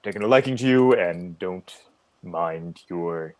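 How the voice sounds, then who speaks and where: A man playing a tabletop game who talks casually and haltingly in character, with many fillers. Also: deep voice, a little mellow. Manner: halting, friendly, full of fillers. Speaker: player.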